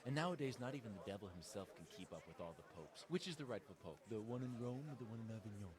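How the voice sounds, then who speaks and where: A man's voice: on the low side, expressive, fast, close to an everyday voice. An actor playing a hot-tempered villager loyal to his king, scornful and indignant, with a busy crowd behind.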